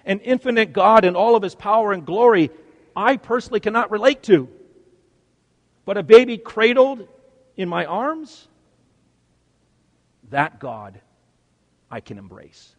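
High-voiced preacher in an echoing church. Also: male voice, sing-song, a little slow, pauses often. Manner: dramatic swings from loud emphasis to hushed quiet. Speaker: pastor. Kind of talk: sermon.

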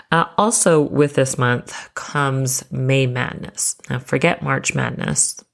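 A woman's voice: very deep voice, vocal fry. A woman hosting a parenting podcast in a chatty, encouraging way, laughing at herself, and sounding a bit congested from allergies. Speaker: podcast host, parenting coach. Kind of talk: casual solo podcast talk.

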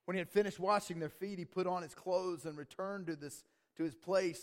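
High-voiced man preaching emphatically and calling out to the congregation, echoey church hall. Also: a little fast, hardly any pauses. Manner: emphatic, call-and-response with the congregation. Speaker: pastor. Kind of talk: sermon.

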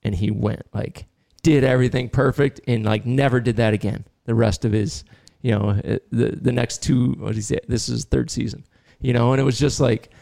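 Podcast host guy, low gravelly voice, animated storyteller, dry close sound. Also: normal speed, few pauses, no room sound. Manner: storytelling, animated, laughs often. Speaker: podcast host and dog trainer. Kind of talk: casual podcast chat.

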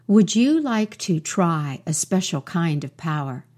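A woman voicing a calm, wise male frog who speaks gently and instructively in a storybook tale. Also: lowish voice, a little slow. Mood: welcoming.

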